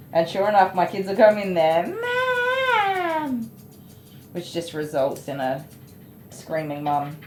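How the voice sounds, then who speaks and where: A woman's voice: low-pitched, measured pace, long pauses, warm tone. Frank woman groomer, echoey room. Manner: frank, self-mocking, laughs often. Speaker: dog groomer. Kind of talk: casual chat while grooming. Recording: echoey room, faint noise.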